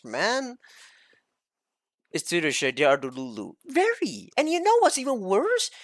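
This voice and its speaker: A woman's voice: a little high, no echo, clean studio sound. A woman streamer ranting in a heated, emphatic casual monologue, swearing often.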